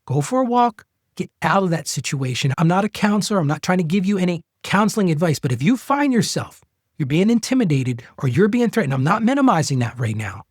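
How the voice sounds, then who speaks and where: A middle-aged man with a husky voice gives earnest advice on money and marriage. His pitch swings widely as he coaches and repeats key phrases for emphasis, and the recording is dry and close. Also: no room sound. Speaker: podcast host. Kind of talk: faith-based money advice talk.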